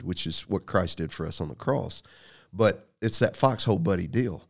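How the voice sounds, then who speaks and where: A deep-voiced man leans into a story with a folksy, preacherly warmth. He talks casually, moving from anecdotes to life lessons. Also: normal speed, vocal fry.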